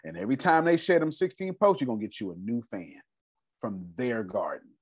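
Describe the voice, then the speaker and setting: Lively male coach host, husky edge, dry close sound, hammers points home. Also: mid-range voice, fairly quick, dry recording. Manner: animated, repeats key points, laughs often. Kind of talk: casual coaching talk on a group call.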